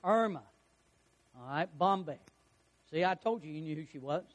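A pastor preaching a sermon, fervent and rising to shouts, putting questions to the congregation. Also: male voice, a little high, animated, normal speed.

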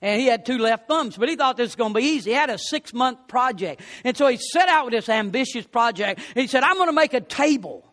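A man's voice: extremely high pitch, fast talker, hardly any pauses, a bit bright, big-room sound. A man preaching a sermon, telling folksy stories and rising to fervent appeals.

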